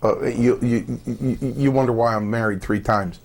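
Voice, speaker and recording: Rambling former wrestler telling stories. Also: male voice, medium pitch, steady tone, normal speed, creaky. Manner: rambling anecdotes, many fillers and restarts. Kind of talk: casual storytelling on a radio call-in show.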